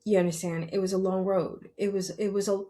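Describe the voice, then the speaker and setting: Middle-aged mom talking from the heart, teary, keeps going "you understand?". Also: female voice, mid-range voice, flat delivery, brisk, warm tone. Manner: repeats phrases, asks "you understand?". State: tearful. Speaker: podcast host. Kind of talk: emotional personal monologue.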